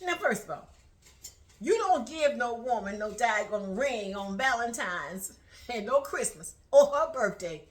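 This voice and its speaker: A woman telling a story to her viewers in a casual vlog. She is animated and laughs often as she talks. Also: fairly high pitch, measured pace. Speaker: vlogger.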